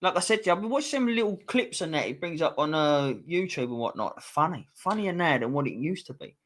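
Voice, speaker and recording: Swearing London man, high-pitched voice. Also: expressive, fast talker, fairly bright tone. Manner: swears freely, teasing, chatty. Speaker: host reading a quiz to a live chat. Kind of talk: casual live-stream quiz banter.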